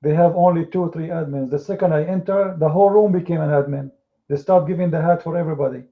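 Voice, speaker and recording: Mocking debate host guy, kinda high voice, sounds like a phone call. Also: quick pace. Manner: sarcastic and scornful, acting out others in quotes. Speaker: host of an online debate room. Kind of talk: mocking live online debate talk. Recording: tinny phone-like audio.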